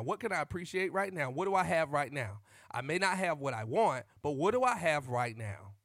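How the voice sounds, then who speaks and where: A man vlogging into a close microphone, joking and riffing like a preacher, animated and shouting at times and calling out to y'all. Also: on the high side, no echo. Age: adult. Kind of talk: comic monologue with preacher-style riffs.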